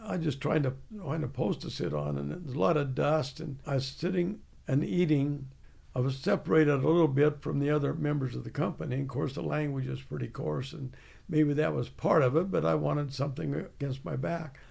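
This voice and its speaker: A man's voice: a little high, steady tone, moderate pace, vocal fry, a little mellow, slightly rough. An older man, an army veteran, telling plainspoken stories in an interview and laughing along. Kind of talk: storytelling interview.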